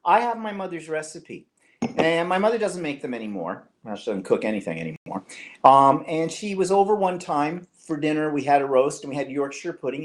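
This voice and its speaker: A man's voice: on the high side, big pitch swings, fairly quick. Chatty man hosting live. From Canada. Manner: chatty and teasing, reads viewer comments aloud. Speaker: co-host of a live online show. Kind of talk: casual live-stream chat.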